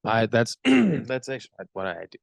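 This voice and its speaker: A man's voice: mid-range voice, wildly swooping pitch, gravelly, no room sound. Rambling young man on podcast. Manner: rambling, halting. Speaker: podcast co-host. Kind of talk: casual podcast chat. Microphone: close podcast mic.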